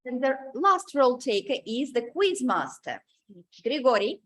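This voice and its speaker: A woman hosting a club meeting, introducing speakers in an unhurried, friendly way. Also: high voice, big pitch swings, a bit bright. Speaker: meeting host.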